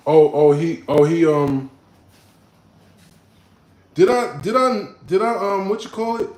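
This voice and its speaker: Man streamer, a bit high-pitched, playful and laughing as he reads chat; echoey room. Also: takes it slowly, long pauses. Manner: animated, laughing, playful banter. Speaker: livestream host. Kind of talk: casual live chat reading viewer comments.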